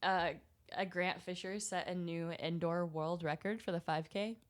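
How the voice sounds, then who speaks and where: A woman's voice: lowish voice, steady tone, unhurried. A woman co-hosting a casual podcast, chatty and giggly, with a jittery, restless way of talking. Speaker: podcast co-host. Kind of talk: casual chat.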